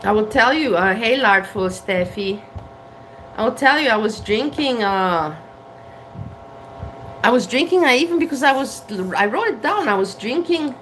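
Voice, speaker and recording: A woman's voice: on the high side, animated, moderate pace, a bit bright, slight background noise, poor audio. A woman vlogging candidly to camera from her kitchen, frank and blunt, swearing and laughing at herself. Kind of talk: candid casual talk to camera. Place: home kitchen.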